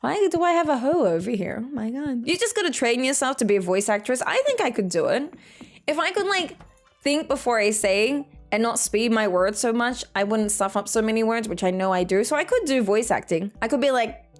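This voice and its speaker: A woman casually chatting as a game streamer, playful and teasing and quick to laugh. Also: fairly high pitch, expressive, faint music behind. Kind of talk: casual live-stream commentary.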